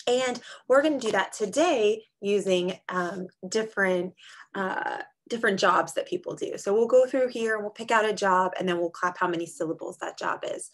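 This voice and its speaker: A woman teaching a small group of young children online, speaking in a slow, exaggerated, encouraging way and clapping out syllables. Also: medium pitch. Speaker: kindergarten teacher.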